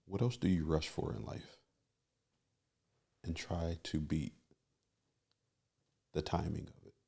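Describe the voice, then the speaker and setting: A man hosting a podcast who mostly gives brief encouraging replies and asks relaxed questions. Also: very deep voice, takes it slowly, gravelly, husky. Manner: brief backchannel replies, few words. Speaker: podcast host. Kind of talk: interviewing, casual chat.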